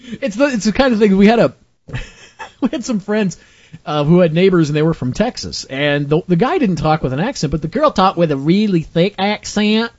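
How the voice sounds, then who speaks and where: Man, high voice, joking storyteller, casual chat, lo-fi recording. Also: lively intonation, moderate pace, darkish tone. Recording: dull lo-fi sound.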